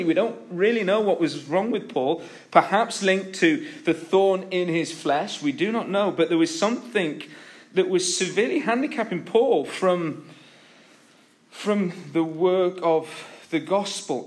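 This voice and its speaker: A man's voice: sits high, animated, measured pace. A man preaching an earnest, emphatic sermon, telling stories between his points. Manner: earnest, emphatic, with storytelling asides.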